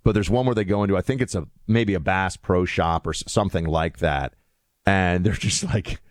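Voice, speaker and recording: A man's voice: low voice, moderate pace, no room sound, clean studio sound. A man hosting a show, chatting in casual commentary with lots of fillers and restarts. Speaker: show host.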